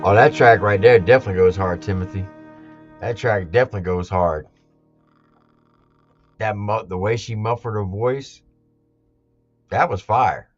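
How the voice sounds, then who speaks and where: A man's voice: fairly low pitch, normal speed, long pauses, lo-fi sound, faint music behind. A man hosting a live album reaction, talking casually and emphatically and repeating his points.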